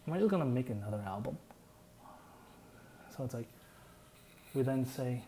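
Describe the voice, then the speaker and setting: A man's voice: mid-range voice, expressive, moderate pace, mellow, a little hiss or hum, low-quality recording. A young man casually explaining his own song in a loose, rambling way, full of "like" fillers.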